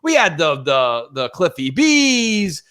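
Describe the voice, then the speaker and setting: Ranting gaming podcast co-host, fairly high. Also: male voice, slow pace, smooth. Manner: animated, ranting. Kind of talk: casual gaming podcast chat.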